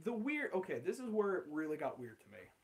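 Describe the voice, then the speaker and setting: A man's voice: on the high side, very animated, fairly quick. Rambling young man telling a story. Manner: rambling, swearing, with laughs and many fillers. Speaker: channel host. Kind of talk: casual storytelling.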